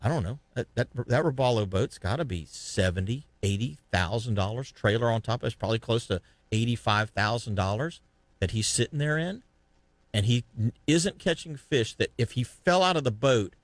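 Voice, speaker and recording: A man hosting a fishing podcast, telling a lively fishing story in casual chat and acting out the other anglers' lines. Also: medium pitch, normal speed, no echo. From Florida.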